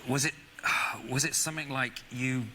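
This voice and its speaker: A man's voice: medium pitch, normal speed, bright, forceful tone, a little hiss or hum. A man answering quiz questions in a hesitant, searching way. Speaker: quiz contestant.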